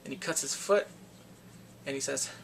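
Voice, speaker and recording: A man recapping a film in casual chat, animated and full of reactions. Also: mid-range voice, moderate pace, vocal fry, slight background noise. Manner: animated, reacts with exclamations and gasps. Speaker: movie reviewer.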